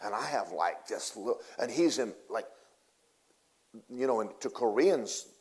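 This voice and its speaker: A man preaching a sermon in a casual, folksy way, telling a story and swinging between loud bursts and hushed asides. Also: lowish voice, lively intonation, a little slow.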